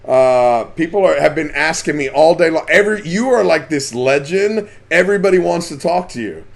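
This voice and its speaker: A man's voice: a little high, lively intonation, normal speed, vocal fry. A man hosting a casual live stream about fishing, chatting and reading out the names of viewers as they join.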